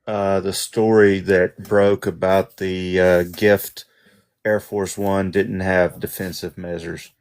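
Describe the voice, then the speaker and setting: Brief: male panelist, lower voice, hesitant delivery. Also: level tone. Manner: hesitant, measured. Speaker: panel guest. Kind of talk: casual chat.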